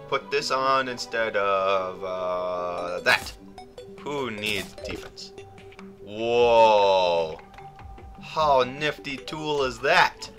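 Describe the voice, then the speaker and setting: A young man rambling and joking through casual gameplay commentary, with sudden loud outbursts. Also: mid-range voice, lively intonation, extremely slow, faint music behind. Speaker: gaming YouTuber.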